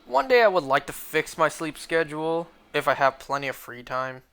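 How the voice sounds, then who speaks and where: With a fairly high, smooth voice that swings widely in pitch, this man talks at a normal speed with a fairly bright tone. He's streaming a shiny hunt and chatting casually to viewers, rambling and saying "like" constantly among other fillers.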